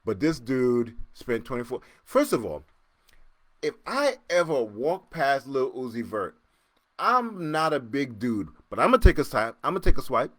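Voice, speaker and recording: A man hosting a casual solo podcast, joking and laughing as he reacts to listener comments, jumping between loud excited bursts and low muttering. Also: a little slow, dry recording. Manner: animated, joking, laughs often, repeats himself. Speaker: podcast host.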